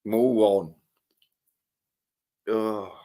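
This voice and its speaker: A man's voice: fairly low pitch, steady tone, dark tone. A man ranting on his own livestream, swearing heavily and often stopping to restart his sentences. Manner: profane, ranting, halting with restarts. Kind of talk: solo livestream rant.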